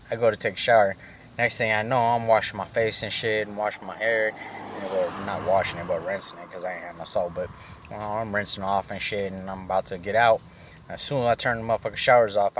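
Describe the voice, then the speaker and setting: Low-voiced man telling a rambling street story. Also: slight background noise. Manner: rambling, profane street slang, many restarts. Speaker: vlogger. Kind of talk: casual storytelling.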